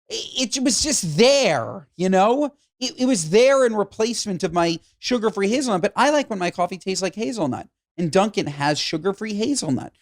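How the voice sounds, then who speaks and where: A man co-hosting a podcast in casual chat, talking with animated enthusiasm. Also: high-pitched, no room sound, studio quality. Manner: animated, enthusiastic about food. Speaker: podcast co-host.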